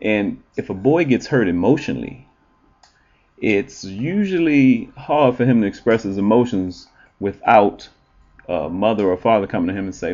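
Man, relationship show host, casual monologue, blunt and profane, lowish voice, dull lo-fi sound. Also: normal speed. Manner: blunt, profane and animated, with frequent fillers.

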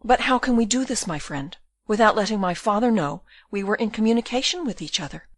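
A woman's voice: mid-range voice, animated, brisk, no echo, studio quality, natural voice. A woman doing a tearful frightened girl. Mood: pleading. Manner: sobbing, pleading.

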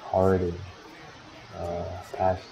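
A man's voice: sits low, monotone, drawn-out words, background noise. A man casually calling the play-by-play of a simulated basketball game for his own team, swearing often and grumbling at his players. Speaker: team manager commentating a basketball sim league. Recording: dull lo-fi recording.

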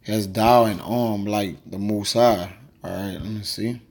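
A man teaching a quick, informal scripture lesson, reading verses aloud and peppering his talk with "man" and "all right". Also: on the low side, fairly even intonation, darkish tone. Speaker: Bible teacher.

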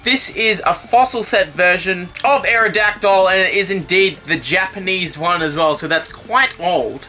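A man's voice: sits high, bright, forceful tone. A young Australian man hosting a fan-mail video, chatting casually with offhand, sweary jokes. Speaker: YouTuber host reading fan mail. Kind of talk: casual chat.

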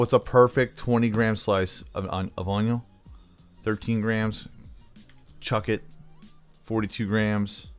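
A man casually commentating his own cooking game as he plays, chatty and thinking aloud, calling the viewer "bro". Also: on the low side. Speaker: gaming channel host. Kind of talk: casual let's-play commentary.

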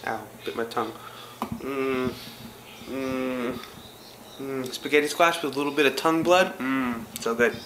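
A vlogger chatting casually while cooking at home, playful and talkative, even talking to the food. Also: mid-range voice, background noise. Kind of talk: casual cooking vlog chat.

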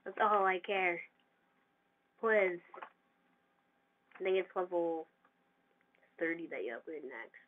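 A gamer giving casual, excitable commentary over their own gameplay and trash-talking opponents. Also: mid-range voice, slow, long pauses. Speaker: gamer narrating own play. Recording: tinny lo-fi mic with faint hiss.

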